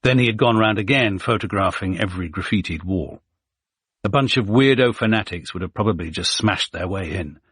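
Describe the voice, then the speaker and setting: A man narrating a suspense thriller audiobook in a steady, measured way. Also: sits low, slightly rough, dry recording, studio quality.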